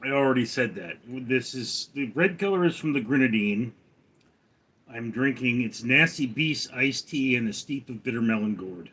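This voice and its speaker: A man's voice: medium pitch, lively intonation, moderate pace, a bit bright, slightly rough. Slightly tipsy man chatting on a livestream. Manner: rambling, joking, answers viewers one by one. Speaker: livestream host reading chat. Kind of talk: casual livestream chat.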